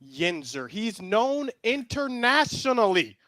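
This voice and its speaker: High-voiced upbeat man hosting. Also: big pitch swings, slow pace, pushed and bright, no echo. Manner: upbeat, announcer-like introductions. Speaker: host. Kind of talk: casual sports podcast chat.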